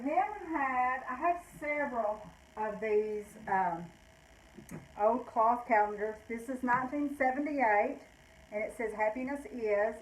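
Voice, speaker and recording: A woman's voice: fairly high pitch, slight background noise, rough recording. An older woman, out of breath, chatting casually as she shows items from her vintage shop and rambles, correcting herself along the way. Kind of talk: casual live sale talk.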